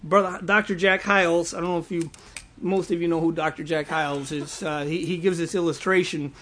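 High-voiced male preacher. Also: fairly even intonation, fairly quick, fairly bright tone, slight background noise. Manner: storytelling, stumbling restarts, teasing laughs. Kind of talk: sermon.

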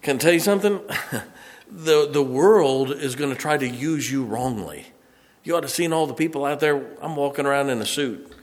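A man preaching a sermon as pastor, rising to loud emphasis on scripture and dropping into folksy, chatty asides. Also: mid-range voice, normal speed, in a large hall. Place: church sanctuary.

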